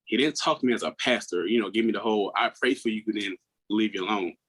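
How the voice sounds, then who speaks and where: A man's voice: on the low side, fast talker, poor audio. Earnest man telling a raw personal story. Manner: earnest, raw, often restarts words; acts out quoted people in a raised voice. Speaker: podcast guest.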